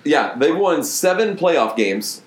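A man's voice: fairly high pitch, big pitch swings, slow pace, reverberant. A man hosting a casual sports podcast, teasing his co-host and laughing often.

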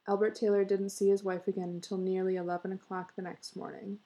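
A woman reading a story aloud in a measured, expressive way. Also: mid-range voice. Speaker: reader.

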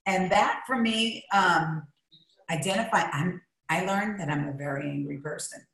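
A woman's voice: lowish voice, normal speed, creaky, fairly bright tone. A woman guest speaking candidly and emotionally in an interview, recorded at a recovery treatment center. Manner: emotional, confessional, emphatic. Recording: very echoey room.

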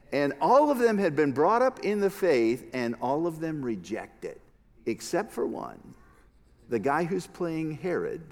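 Pastor guy preaching, really animated pitch, big echoey hall. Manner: expressive preaching, swings from hushed to emphatic. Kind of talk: sermon.

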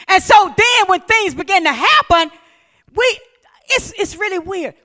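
A woman preaching a sermon in a high, bright voice. She is animated, shouting some lines and dropping to hushed near-whispers on others. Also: unhurried. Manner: animated, swings between loud emphatic lines and near-whispers.

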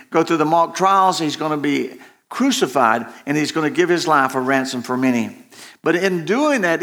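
Pastor, male, slightly higher voice; slow, emphatic sermon delivery with restarts and repetition. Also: a bit bright.

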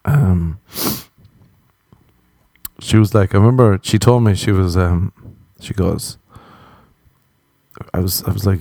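A man's voice: takes it slowly, creaky, pauses often, warm tone, no room sound. A young Irish man telling self-deprecating comic stories in a casual monologue. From Ireland. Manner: self-deprecating, jumps into silly high voices for quotes.

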